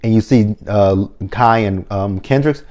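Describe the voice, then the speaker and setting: Excitable man rambling about favorites. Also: on the low side, unhurried. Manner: excitable, rambling, gets hyped. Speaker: vlogger ranking team-up episodes. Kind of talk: casual fan commentary.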